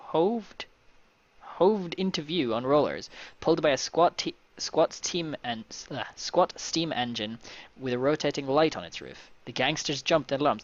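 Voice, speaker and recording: A man's voice: a little high, expressive, unhurried, no room sound, highs cut off. A man reading game text aloud with casual commentary as a gaming video creator. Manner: casual, swears and laughs at the story.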